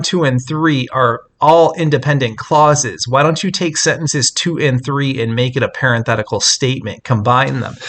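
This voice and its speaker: A middle-aged male writing teacher explains his methods to other teachers. He speaks earnestly and with emphasis, dropping in fillers and restarts, at a middle pitch. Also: fairly bright tone. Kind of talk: teaching talk to fellow teachers.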